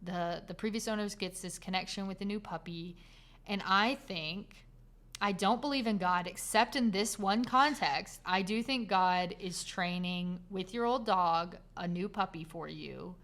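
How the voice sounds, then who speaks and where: A woman co-hosting a casual podcast, comforting a listener and telling a story with animated delivery. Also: medium pitch, unhurried. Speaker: podcast co-host. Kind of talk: casual chat.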